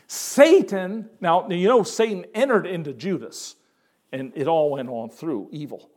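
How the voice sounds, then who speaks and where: An older man preaching a sermon, quoting scripture and repeating words for emphasis with expressive swings in delivery. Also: on the high side, a little slow.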